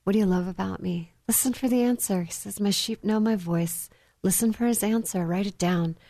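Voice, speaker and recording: A woman's voice: medium pitch, fairly quick, dark tone, no echo. A woman on a faith talk show, telling stories with animation and acting out childlike voices. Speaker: guest speaker.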